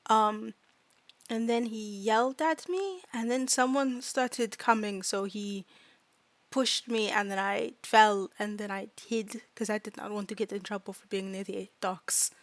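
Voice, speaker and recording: A woman voicing a small, timid fairy student who speaks in broken, halting grammar and often drops to a whisper. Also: mid-range voice, no echo, lightly acted. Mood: earnest. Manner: broken grammar, dropped articles, hesitant. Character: tiny timid fairy student, earnest, new to language. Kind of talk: tabletop role-play.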